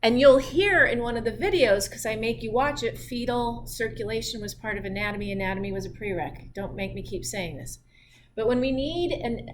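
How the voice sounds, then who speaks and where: A woman instructor giving a recorded physiology lecture in a chatty way, with jokey asides and laughter at her own slips. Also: on the high side.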